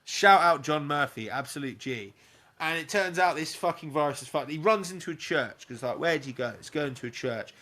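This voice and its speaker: A man's voice: a little high, lively intonation, brisk, sharp tone. A young man, a podcast co-host, retelling a film in casual, sweary chat and acting out bits with little sound effects.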